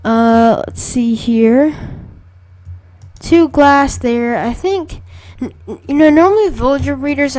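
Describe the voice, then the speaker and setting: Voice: mid-range voice, darkish tone. A student casually commenting on their own game as they play, rambling and chatty, often stopping to correct themself. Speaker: let's play creator.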